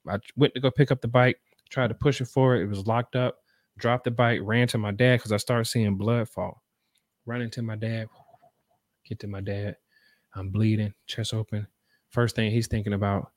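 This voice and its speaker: A man's voice: lowish voice, fairly even intonation, moderate pace, no room sound, clean studio sound. A man, earnestly telling a personal story in a conversational, repetitive way to make a motivational point.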